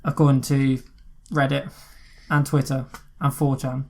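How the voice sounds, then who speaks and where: A woman's voice: rumbling low, level tone, a little slow, darkish tone. A woman co-hosting a podcast, chatting casually about a film with joking asides and the odd swear word. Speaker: podcast co-host.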